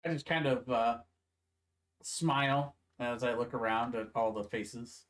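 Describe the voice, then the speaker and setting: A man's voice: mid-range voice, steady tone, unhurried. An easygoing man chatting as a player in a tabletop game.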